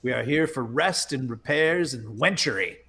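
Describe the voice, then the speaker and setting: A man's voice: medium pitch, animated, normal speed, pushed and bright, slightly rough. A man playing a tabletop game, speaking in grandiose, mock-formal declarations. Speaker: player. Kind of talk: in-character tabletop game play.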